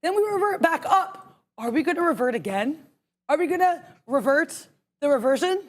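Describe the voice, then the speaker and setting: A young woman co-hosting a live trading stream, emphatic and excitable, thinking out loud as she makes trades. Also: high-pitched, normal speed. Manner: emphatic, excitable, talks to herself aloud. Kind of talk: energetic live market commentary.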